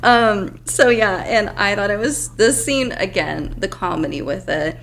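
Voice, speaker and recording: A woman's voice: mid-range voice, a little slow, gravelly, fairly bright tone, slight background noise. A woman co-hosting a podcast, chatting casually about a film and acting out quotes with giggles. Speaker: podcast co-host. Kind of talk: casual film review chat.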